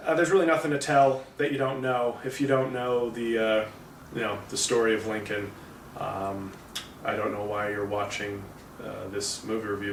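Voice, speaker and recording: A man talks through a movie review in a loose, rambling way, stopping for fillers and correcting himself. His voice is mid-pitched and sounds distant from the mic. The room is echoey, with a faint noise underneath. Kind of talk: casual spoken movie review.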